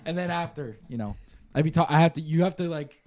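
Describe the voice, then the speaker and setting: Young dude podcast cohost, slightly high voice, rambling funny stories. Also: male voice, fast. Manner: animated storyteller, laughing and swearing. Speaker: podcast co-host. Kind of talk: casual chat.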